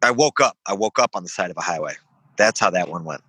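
A man's voice: deep voice, lively intonation, fast talker, bright, forceful tone, slightly rough, dry recording. A young man, a veteran guest on a podcast, telling a rambling story with laughs and swearing. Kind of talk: casual storytelling.

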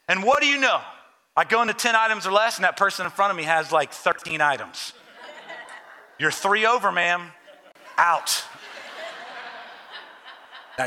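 A man's voice: high-pitched, pushed and bright. A male pastor preaching a sermon in a conversational, joking way that turns earnest. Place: church sanctuary. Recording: long reverb of a large hall.

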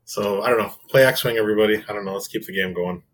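A man with a slightly low, husky voice. He talks in an easygoing, halting way on a casual podcast chat. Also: rough recording.

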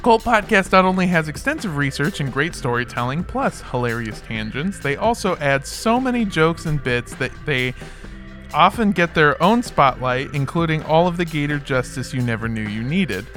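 Lively bright-voiced young man hosting. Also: on the high side, moderate pace, soft background music. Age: 20s. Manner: animated, joking, laughs often. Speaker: podcast co-host. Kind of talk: casual comedy podcast chat. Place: recording studio. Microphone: studio microphone.

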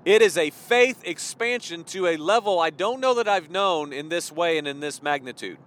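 A man delivers an impassioned sermon. His voice sits high and bright, cutting through the room. He slides from hushed, pleading lines into loud, declarative surges. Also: moderate pace. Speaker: preacher.

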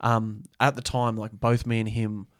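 A man's voice: fairly low pitch, level tone, unhurried, no room sound, clean studio sound. A young man telling a story in casual chat, full of swearing and filler words.

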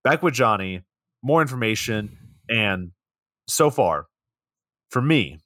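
A man's voice: on the low side, expressive, takes it slowly, sharp tone, dry recording, studio quality. A young man co-hosting a podcast, recapping a film in a sarcastic, rambling way with plenty of swearing. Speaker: podcast co-host. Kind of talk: casual comedic movie recap.

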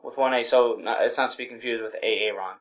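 A man's voice: medium pitch, steady tone, quick pace, fairly bright tone. A man co-hosting a podcast, laid-back and teasing, reading out news items in casual chat. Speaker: podcast co-host.

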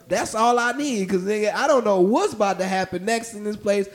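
A man's voice: high-pitched, brisk, few pauses. A young adult man, a comedian, telling a story in casual chat and acting out the voices of the people in it. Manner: animated, acts out voices while telling stories.

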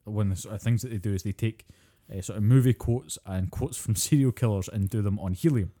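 A man's voice: lowish voice, a little fast, mellow. A Scottish man co-hosting a podcast, chatting casually and ranting with plenty of swearing. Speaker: podcast co-host.

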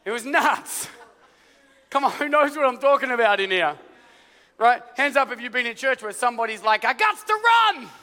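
A male pastor delivers a lively sermon in a very high, sharp, bright voice. He tells stories and acts out voices along the way. The sound rings with the long reverb of a large church hall. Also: moderate pace. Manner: animated storytelling with acted-out voices.

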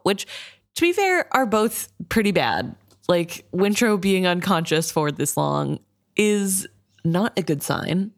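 A woman's voice: low-pitched, dry recording, studio quality. A woman co-hosting a book podcast, talking over the story in a chatty, sympathetic way. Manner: chatty, sympathetic, many "I think" asides. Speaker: podcast co-host. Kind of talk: casual book discussion.

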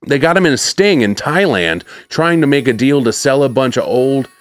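A man's voice: mid-range voice, lively intonation, moderate pace. A man co-hosting a podcast at home, rambling and sarcastic as he retells stories at length. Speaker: podcast co-host. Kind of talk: casual chat.

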